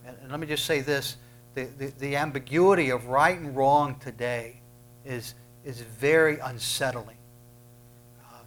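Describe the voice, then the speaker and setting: A man's voice: mid-range voice, poor audio. A man preaching a sermon, emphatic, punching out commands and often repeating words as he starts a thought. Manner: emphatic, bursts loud on commands.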